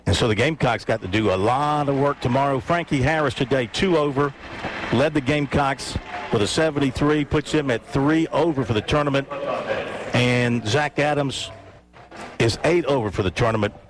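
Brisk male sports radio host. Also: mid-range voice, background noise. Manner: brisk score rundown, relaxed banter. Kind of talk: sports talk radio chat.

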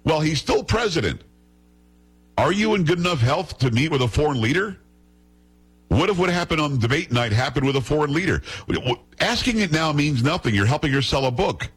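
A man's voice: on the high side, big pitch swings, brisk, slightly rough. A male host giving indignant political commentary, full of sarcasm and rhetorical questions.

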